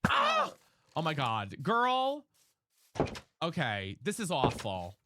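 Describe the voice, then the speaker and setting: A man's voice: fairly high pitch, huge pitch swings, slow pace, very noisy. A man streaming a game live, chatting with his viewers in a sassy, dramatic way. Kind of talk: live gameplay streaming with chat.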